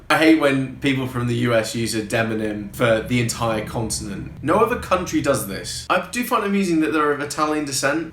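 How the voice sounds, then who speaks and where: A man's voice: mid-range voice, fairly bright tone. A man giving a casual film review in a wry, sarcastic tone, swearing now and then. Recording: roomy echo.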